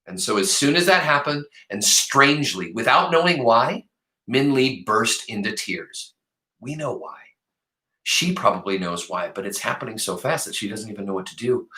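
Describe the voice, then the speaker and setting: A man's voice: on the low side, animated, normal speed, pushed and bright, echoey room, low-quality recording. A man, a teacher, reading a novel aloud to his class and stopping often to talk with the students.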